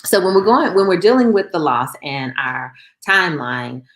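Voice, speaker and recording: Low-voiced calm woman counselor. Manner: calm, reassuring, with fillers and pauses. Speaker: grief counselor. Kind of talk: live church talk on grief.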